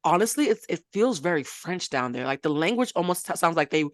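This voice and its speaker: A woman hosting a podcast talks at a rapid clip, animated and jokey, rambling through stories. The sound is dry and close, with no room in it. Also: on the low side, no echo. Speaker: podcast host. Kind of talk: casual chat.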